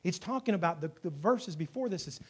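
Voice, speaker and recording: A man, preaching a sermon, swinging from loud exhortation to hushed storytelling. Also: sits high, expressive, brisk, husky. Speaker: pastor.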